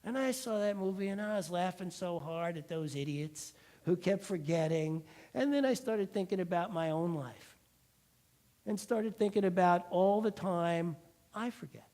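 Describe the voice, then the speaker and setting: High-voiced man preaching with animated storytelling. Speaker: pastor. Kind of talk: sermon.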